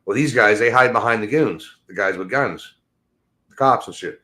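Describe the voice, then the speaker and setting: At a normal speed and with a bright, forceful tone, a man hosting a podcast goes on a profane solo rant. He's agitated and exasperated, veering from low mutters to high-pitched frustration as he rambles.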